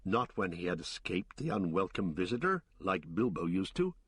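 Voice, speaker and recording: A young hobbit in an audiobook, calm and reasoning, voiced low and close to the reader's plain tone, as a man reads him. The recording is dry. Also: normal speed, husky, no echo, exaggerated voice. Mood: reassuring. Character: cheerful young male hobbit, reassuring.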